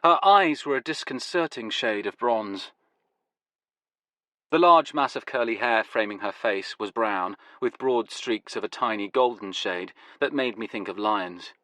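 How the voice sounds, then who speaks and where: A man reading a first-person story aloud in a wry, deadpan way. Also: fairly low pitch, unhurried, dry recording. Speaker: audiobook narrator. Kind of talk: first-person scripted narration.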